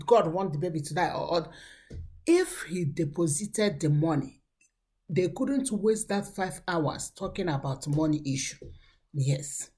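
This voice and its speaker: A woman giving earnest, preachy relationship advice to young women, acting out the people she quotes. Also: medium pitch. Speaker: relationship coach. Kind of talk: motivational advice talk.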